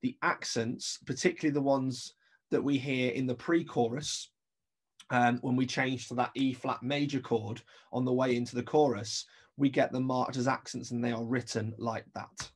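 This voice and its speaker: A man's voice: medium pitch, fairly even intonation, moderate pace, breathy edge. A man teaching an English-accented remote music lesson, explaining step by step and counting beats aloud.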